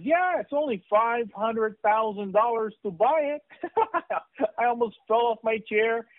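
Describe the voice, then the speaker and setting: A middle-aged man giving an excited, repetitive sales training talk as a network marketing presenter. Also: sits high, vocal fry, no room sound, narrow, tinny audio.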